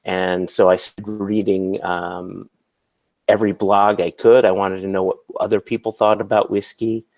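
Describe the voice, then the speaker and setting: Man, low voice, dry close sound, earnest rambling podcast story. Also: flat delivery, moderate pace, a little mellow, dry recording. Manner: earnest, rambling anecdotes with restarts. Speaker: podcast guest. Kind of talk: casual chat.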